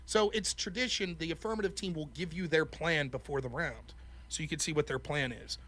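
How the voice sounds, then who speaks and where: A middle-aged man from Pennsylvania, hosting a call-in show and telling a profane, animated story that acts out every quote. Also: a little high, brisk. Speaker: host.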